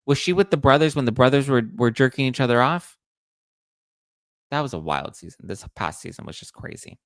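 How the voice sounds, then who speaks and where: A man's voice: mid-range voice, expressive, brisk, no echo. A man hosting a casual pop-culture gossip show, snarky and chatty, acting out quotes in mocking voices. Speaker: entertainment news host.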